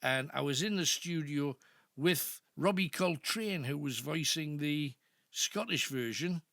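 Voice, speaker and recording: Gravelly older Geordie radio host. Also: male voice, fairly high pitch, unhurried, a bit bright, dry recording, clean studio sound. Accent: Northeast English (Geordie). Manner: rambling, anecdotal storytelling. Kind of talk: late-night phone-in chat. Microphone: studio microphone.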